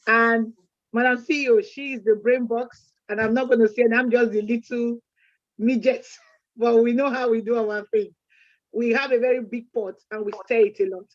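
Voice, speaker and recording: Closing out a community event, this co-host chats away, sprinkling in proverbs and frequently starting sentences over. She speaks at a normal speed in a voice on the high side with fairly even intonation. There's no echo, but the sound is dull and lo-fi.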